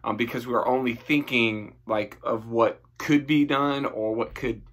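A man's voice: medium pitch, steady tone, unhurried, a bit bright. A man, a youth group leader, giving an upbeat, friendly, casual church announcement.

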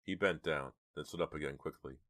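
Very deep-voiced male audiobook narrator. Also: brisk, fairly bright tone, no room sound, clean studio sound. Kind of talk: scripted horror audiobook narration.

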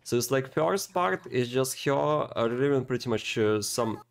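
A man giving casual reaction commentary on an animated video, excitable and emotional, repeating words in halting, non-native phrasing as he talks to his viewers. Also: medium pitch, gravelly, slight background noise. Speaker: anime reaction video host.

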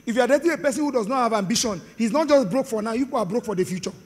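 A middle-aged man with a Nigerian accent, preaching an animated, joking sermon to a live congregation. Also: very high voice, very fast, slightly rough. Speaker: pastor. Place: large hall with live congregation. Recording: long hall reverb.

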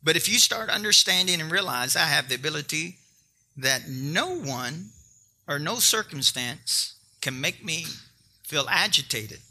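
Bright, high-voiced man preaching. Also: lively intonation, a little slow, breathy edge. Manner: emphatic, joking preaching that talks straight to the congregation. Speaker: pastor. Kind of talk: sermon.

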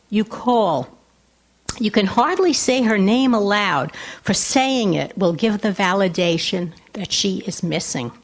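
Nasal new lady in her 60s reading her own essay, lowish voice, quick chatty asides then slow careful reading. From Long Island, New York. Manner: quick conversational asides between slower, measured reading. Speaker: writer reading her work. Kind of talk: reading a personal essay aloud at a lecture.

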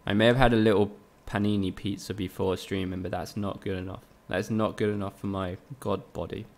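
A man's voice: fairly low pitch, flat delivery, fairly quick, vocal fry. A man casually commentating a live game stream, chatting with viewers, swearing often and joking sarcastically. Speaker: gaming streamer.

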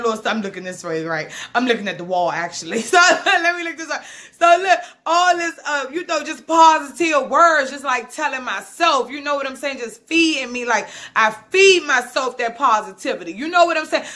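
A woman vlogger giving an energetic motivational talk, swearing freely, laughing often and calling listeners baby and boo. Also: high-pitched.

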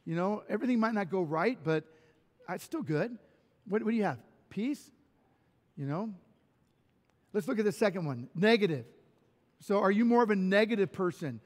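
A man preaching a conversational sermon in a church, telling personal stories with lively restarts. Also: high-pitched, moderate pace, pauses often. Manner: animated personal storytelling with restarts. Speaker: pastor. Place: church sanctuary. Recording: long reverb of a church hall.

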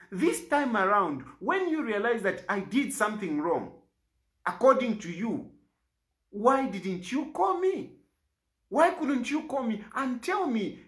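A man's voice: very high voice, very animated, unhurried, a bit bright. A Zambian man, an opposition politician, making an impassioned public statement in an aggrieved, pleading way and repeating lines for emphasis.

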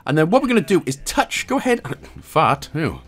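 A man's voice: high-pitched, very animated, brisk. A man with a Welsh accent talking through a game walkthrough step by step, with jokey, chuckling asides between the instructions. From Wales. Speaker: gaming guide host.

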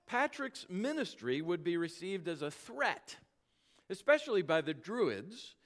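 A male pastor preaching a sermon, telling a story with dramatic slowing and volume that sinks at phrase ends. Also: sits high, very animated.

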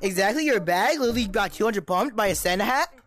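Young woman, mid-pitch, trash-talking gamer in voice chat, taunting and repetitive. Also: lively intonation, fast, a bit bright. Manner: taunting, repetitive mock-tough insults. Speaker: gameplay streamer.

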